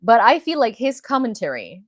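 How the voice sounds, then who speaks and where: A young woman from Ukraine hosting a live-streamed news chat, excitable and rambling, with many restarts. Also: on the high side, moderate pace, no echo. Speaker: host and independent reporter. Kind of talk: livestream commentary chat.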